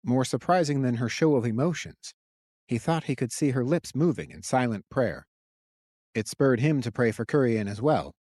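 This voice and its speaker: A man narrating his own fantasy audiobook in a steady, even storytelling voice. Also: mid-range voice, normal speed, dry recording, studio quality. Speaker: author and narrator.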